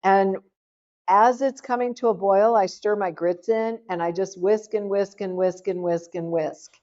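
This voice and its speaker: A woman's voice: mid-range voice, steady tone, unhurried, darkish tone. A middle-aged woman from Oklahoma giving a chatty, folksy cooking talk to an audience at a health seminar. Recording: dull lo-fi sound.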